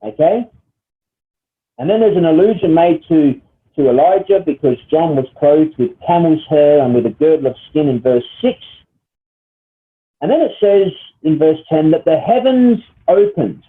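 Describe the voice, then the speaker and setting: A man's voice: on the high side, lively intonation, normal speed. A man teaching a Bible study lesson, explaining step by step and often checking in with "all right?" and "okay?". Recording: tinny phone-like sound.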